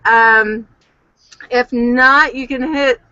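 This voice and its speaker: Woman host, webinar over video call; high, bright, upbeat, relaxed pace. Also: drawn-out words, dry recording, highs cut off. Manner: upbeat, reads out viewer questions. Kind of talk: webinar Q&A hosting.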